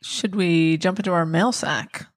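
A woman co-hosting a casual podcast with quick, upbeat reactions. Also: on the low side, steady tone, dry recording, clean studio sound. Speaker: podcast co-host.

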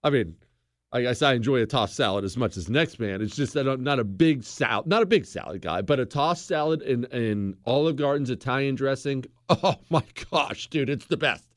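A man's voice: mid-range voice, animated, normal speed, dry recording, clean studio sound. A man hosting a political commentary show, talking in a sarcastic, teasing, exasperated way. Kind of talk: sarcastic monologue.

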